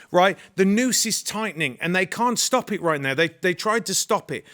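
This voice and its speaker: A man commenting on politics in a casual chat, forceful and rallying. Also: high-pitched.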